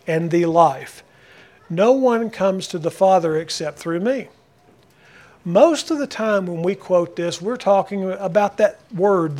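A man's voice: high-pitched, darkish tone. A male pastor preaching a sermon, emphatic and repetitive, putting direct questions to the congregation. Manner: emphatic, repeating key phrases, asks the congregation questions.

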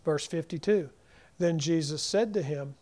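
In a sermon, a man whose voice sits a little high shifts between loud stresses and hushed near-whispers. He voices the figures from the scripture passages quickly.

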